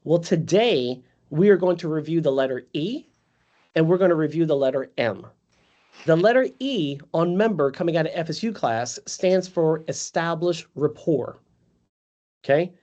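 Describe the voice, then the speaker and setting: A man's voice: on the high side, animated, moderate pace, mellow. A man leading a live virtual sales training, talking conversationally and calling on trainees by name. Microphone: video call. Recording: lo-fi video call audio.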